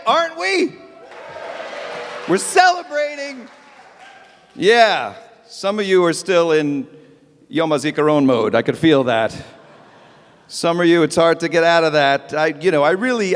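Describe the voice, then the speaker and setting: A man doing a chatty, self-mocking stand-up comedy set at an evening event. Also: high-pitched. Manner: animated, chatty, self-mocking, acts out bits. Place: event hall with live audience. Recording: long hall reverb.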